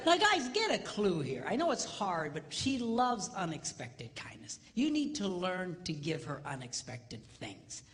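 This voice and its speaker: A man's voice: high voice, measured pace, hardly any pauses, a faint crowd. A middle-aged man giving a comedic marriage talk, telling stories with mock voices and punchlines. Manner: animated storyteller who mimics voices, jokes and punchlines. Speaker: marriage seminar speaker. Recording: long hall reverb, faint noise.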